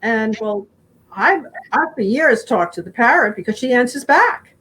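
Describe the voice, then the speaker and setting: A middle-aged woman with a slightly raised pitch talks at length in an interview. She rambles warmly, pausing with fillers, and playfully mimics her animals now and then. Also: lively intonation, husky, poor audio. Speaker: guest speaker. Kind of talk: conversational interview answers.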